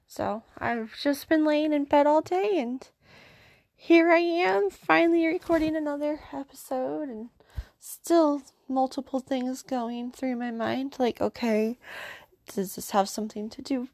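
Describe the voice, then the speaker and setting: A woman's voice: sits high, measured pace, creaky, darkish tone, no echo. A woman in her thirties hosting a podcast, telling a story in a casual, rambling way and talking through her thoughts. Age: 30s. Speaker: podcast host.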